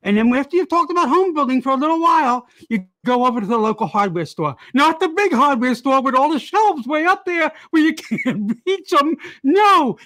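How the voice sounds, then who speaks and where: A woman's voice: high voice, lively intonation, moderate pace, few pauses, a bit bright. Rambling woman improviser on a video call. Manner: rambling, meandering tangents. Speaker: improv performer. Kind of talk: improvised comedy rant.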